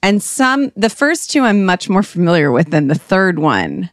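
A woman co-hosting a casual chat, talkative and quick to laugh, often breaking off with apologies and asides. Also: lowish voice, sing-song, no echo, clean studio sound. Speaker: podcast co-host.

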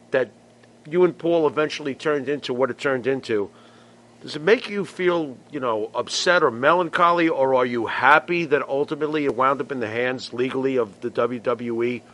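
Seorang pria pembawa acara podcast yang bereaksi cepat dan mengajukan pertanyaan panjang secara santai. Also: male voice, mid-range voice, lively intonation, a bit bright. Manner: quick reactions, rambling long questions. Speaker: podcast host. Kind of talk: casual interview.

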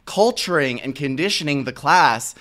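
Brief: young male co-host, lively storyteller, bright voice, fairly high. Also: moderate pace. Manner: animated storytelling, laughs often. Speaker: podcast co-host. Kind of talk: casual chat.

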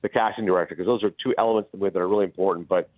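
A man calling into a sports radio show as a guest, chatting fast and animatedly about baseball and movies. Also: deep voice, no room sound. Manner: fast, animated, does impressions. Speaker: guest commentator. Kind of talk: casual sports radio chat. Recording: tinny phone-line sound.

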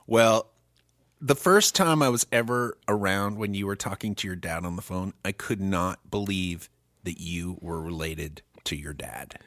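A man co-hosting a comedy podcast, telling crude, profane stories with animated delivery. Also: low-pitched, unhurried, no echo, studio quality. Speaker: podcast co-host. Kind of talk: casual comedic chat.

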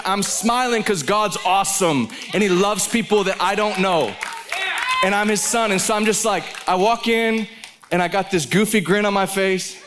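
Man, preacher, intense storytelling sermon, slightly high voice, live conference.

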